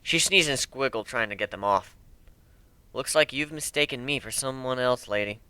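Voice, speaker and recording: A man's voice: medium pitch, moderate pace, bright, forceful tone, smooth, dry recording. A man reading a story aloud in the first person, brash and crude with a casual swagger. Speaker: amateur reader.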